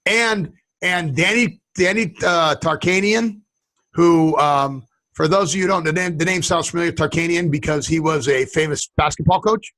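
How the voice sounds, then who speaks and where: A man co-hosting a casual talk show, telling stories in a rambling, animated way. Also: a little high, moderate pace. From western United States. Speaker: podcast co-host. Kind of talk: casual chat.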